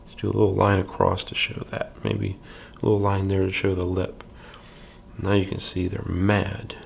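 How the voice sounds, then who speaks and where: A man teaching a library drawing lesson step by step, calm and patient, with many fillers and soft half-whispers while he draws. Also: low-pitched, moderate pace, gravelly, a little hiss or hum.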